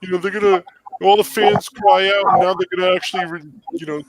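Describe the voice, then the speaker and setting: A man's voice: high voice, flat delivery, fast, over a noisy crowd, rough recording. A man co-hosting a podcast livestream over a video call, teasing the others and poking at the topic. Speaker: podcast co-host. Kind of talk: casual banter on a livestream. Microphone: video call mic.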